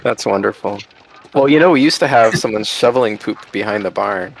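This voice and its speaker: A man's voice: on the low side, brisk, gravelly, a little hiss or hum. A man hosting a casual chat while touring a game park, chatty and laughing often. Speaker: host.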